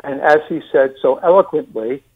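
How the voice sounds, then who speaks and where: A man with a New York accent, discussing and critiquing a sermon series in a deliberate way with many fillers and restarts. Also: on the high side, husky, narrow, tinny audio.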